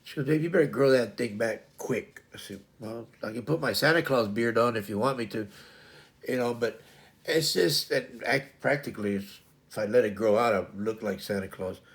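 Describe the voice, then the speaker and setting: A middle-aged man with a gravelly, rough-edged voice, chatting casually on a livestream. He rambles and trips over repeated words as he talks, at an ordinary pitch for a man. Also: moderate pace, a bit bright. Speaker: livestream host.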